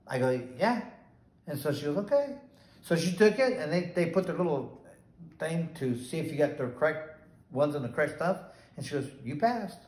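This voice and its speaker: A middle-aged man, a former boxer, tells a rambling anecdote and acts out the dialogue. His voice sits a touch high. The room echoes around him. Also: animated, moderate pace, darkish tone. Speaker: former boxer, bail bondsman. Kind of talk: casual storytelling interview.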